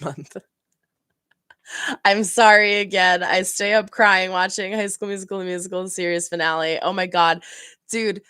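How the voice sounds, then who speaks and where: A woman's voice: medium pitch, clean tone, no room sound. A woman streaming casually, rambling and laughing as she answers her chat. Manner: chatty, rambling, animated, laughs often. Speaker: reaction streamer. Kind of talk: casual chat reading live chat.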